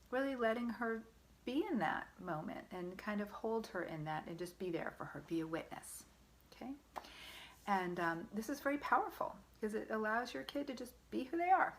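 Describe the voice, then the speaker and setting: A woman's voice: mid-range voice, gravelly, fairly bright tone. A woman parenting coach giving earnest, encouraging advice straight to the listener, often checking in with them. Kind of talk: direct-to-camera parenting advice.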